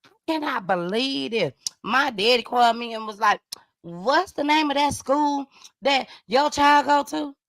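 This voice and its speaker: A woman playing her upset female friend on a phone call, talking with an agitated, raised pitch. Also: animated, measured pace, fairly bright tone, no echo, clean studio sound, exaggerated voice.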